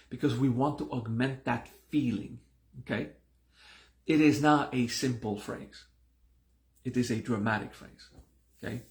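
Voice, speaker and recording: A man's voice: medium pitch, measured pace, a bit bright. A man teaching a spiritual class in a conversational way, repeating himself and restarting his sentences. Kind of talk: live-streamed class talk.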